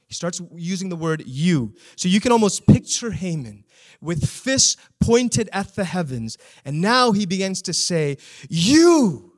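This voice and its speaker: High-voiced earnest male preacher. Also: animated, normal speed. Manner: earnest, rhetorical questions to the congregation. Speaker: pastor. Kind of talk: sermon.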